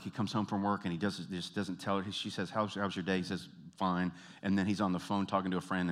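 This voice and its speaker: A man preaching in a storytelling sermon style, a pastor and counselor who acts out the people in his story and drops to soft, intimate appeals to his listeners. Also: on the low side.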